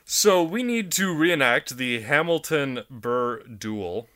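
A man's voice: mid-range voice, expressive, slow, fairly bright tone, no room sound, clean studio sound. A man co-hosting a podcast, chatting casually, often laughing, self-deprecating and swearing. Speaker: podcast co-host.

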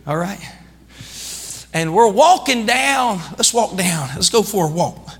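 A man preaching a sermon as pastor, calling out to the congregation and building into shouting. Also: high voice, animated, a little slow, breathy edge, in a large hall. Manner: calls out to the congregation. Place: church sanctuary.

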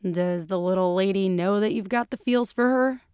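A woman plays a brash, crude-talking man. He is blunt and punchy, slightly higher and louder than her usual voice. The sound is close and dry. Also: normal speed, clean tone, no echo, lightly acted.

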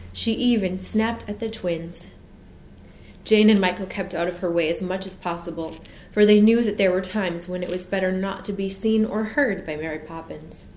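A woman narrating a children's story in an expressive, measured way. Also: mid-range voice. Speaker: audiobook narrator. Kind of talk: storybook reading. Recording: echoey room with faint hiss.

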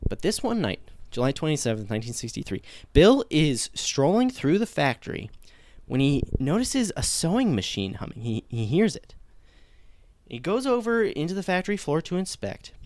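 A man hosts a podcast and tells a comic mock-historical tale, keeping it deadpan. His voice is smooth and resonant, recorded dry and close, and small fillers slip in along the way. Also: mid-range voice, no echo. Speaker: podcast host.

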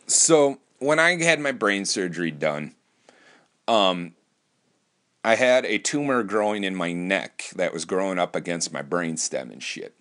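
A man from Wisconsin with a fairly low voice talks alone in a loose, profane, rambling monologue. He keeps restarting his sentences as he goes. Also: big pitch swings, measured pace, fairly bright tone. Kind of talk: casual monologue.

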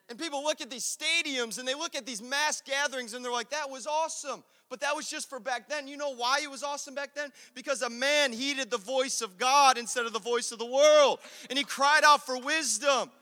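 Young preacher guy, really high and bright voice, telling a family story, echoey church. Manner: storytelling, voices his dad in a low gruff tone. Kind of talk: sermon with personal story.

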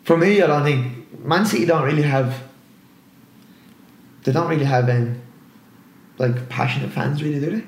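A man's voice: fairly high pitch, moderate pace, pauses often, reverberant. A man co-hosting a casual football podcast, rambling and often asking "you know what I mean". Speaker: podcast co-host.

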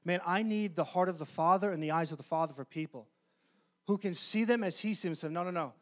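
A male pastor preaching a sermon in an earnest, emphatic way, often slowing down to stress key phrases. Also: high voice.

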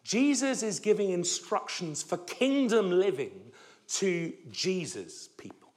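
A male preacher with a high, lively voice that leaps up on key words and sinks to a near hush at the ends of phrases. He talks emphatically, stumbling and restarting as he drives his points home. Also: takes it slowly. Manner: voice drops low and soft at phrase ends. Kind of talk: sermon.

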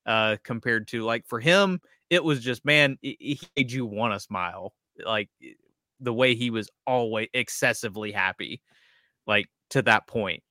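A man's voice: mid-range voice, measured pace, sharp tone, dry recording, clean studio sound. A young man co-hosting a gaming podcast, chatting casually with frequent restarts as he thinks aloud. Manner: hesitant restarts, reflective. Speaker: podcast co-host. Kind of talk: casual chat.

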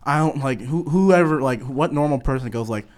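A man's voice: mid-range voice, moderate pace, a little mellow. A young man from the US East Coast, co-hosting a casual podcast, rambling, leaning heavily on "like" and swearing freely. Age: young adult. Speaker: podcast co-host.

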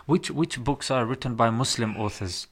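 A man hosting a casual discussion who talks in an animated, emphatic way and often says "bro". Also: medium pitch, normal speed, husky.

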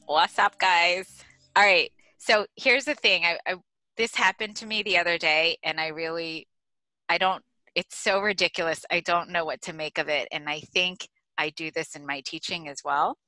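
A woman's voice: lowish voice, fairly even intonation, moderate pace, sharp tone, dry recording, soft background music, low-quality recording. A middle-aged American woman co-hosting a podcast, telling a story animatedly and laughing as she goes. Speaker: podcast co-host. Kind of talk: casual storytelling chat.

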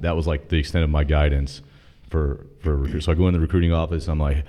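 A man from North Carolina with a very low voice, talking as a podcast guest. He tells stories fast and casually, swears freely, and acts out the other people's lines in animated bursts. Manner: profane, animated, quotes dialogue in his story. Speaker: podcast guest, former Army officer. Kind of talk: casual storytelling.

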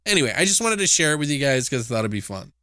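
A man co-hosting a casual movie review podcast, retelling scenes with lively jumps into higher voices and the odd swear. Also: racing. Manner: animated retelling, jumps into high-pitched impressions of characters. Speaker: podcast co-host.

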